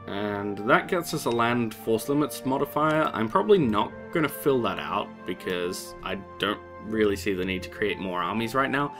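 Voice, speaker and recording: A man's voice: fairly low pitch, animated, moderate pace, hardly any pauses, music in the background. A man casually commenting on a strategy game he is playing, wry and rambling with sarcastic asides. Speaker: let's play host.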